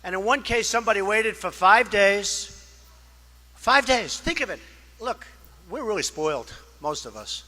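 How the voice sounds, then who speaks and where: A man's voice: high-pitched, animated, unhurried, bright, forceful tone. A male political candidate giving a campaign speech at a fundraising dinner, boastful and repetitive, wandering into asides and acting out quoted exchanges. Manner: conversational, acts out quoted exchanges.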